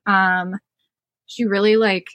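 A woman's voice: mid-range voice, level tone, takes it slowly, dry recording. Affirming young woman host, dry sound. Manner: warm, affirming, many fillers. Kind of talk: casual interview chat.

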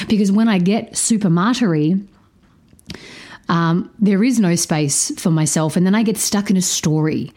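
A woman hosting a podcast, telling a personal story candidly, swearing freely and shifting her pace, sounding low on energy. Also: moderate pace. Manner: animated, changes pace often. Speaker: podcast host.

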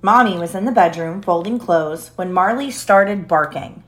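A woman reading a picture book aloud to her young child, expressive and playful, stopping to ask questions. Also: fairly low pitch, moderate pace.

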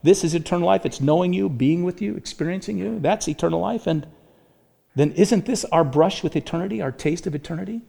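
A man's voice: high voice, brisk, gravelly, mellow. A man preaching a sermon as pastor, earnest and rising to fervent peaks. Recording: hall reverb.

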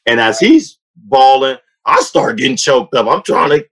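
A man, telling a personal faith story in casual conversation, acting out quotes with a rising voice. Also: moderate pace. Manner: animated storytelling, acts out quotes with rising pitch. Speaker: youth football coach and sports training founder. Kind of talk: casual testimony in a podcast chat.

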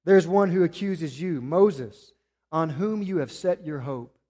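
Male pastor, higher voice, sermon with rising emphasis and quiet asides. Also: expressive, measured pace. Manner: preaching with rising emphasis, then dropping to quiet appeals.

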